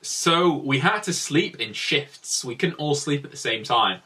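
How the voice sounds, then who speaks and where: Young man, chatty rambling narration, bright forceful voice, mic held at some distance. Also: mid-range voice, expressive, unhurried. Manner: chatty, rambling, many "like" fillers. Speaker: travel vlogger. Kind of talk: casual storytelling narration.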